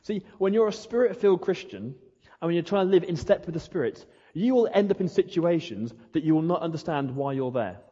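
Guy preaching, mellow husky voice, echoey hall, kinda dull sound. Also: on the high side, animated, fairly quick. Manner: rhetorical, acting out prayers and questions. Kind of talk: sermon.

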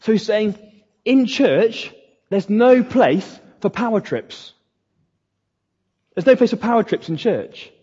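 A man's voice: sits high, expressive, takes it slowly, long pauses, warm tone, breathy edge. A man, a pastor giving a conversational sermon, mocking quoted voices now and then. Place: church hall. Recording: echoey hall, dull lo-fi sound.

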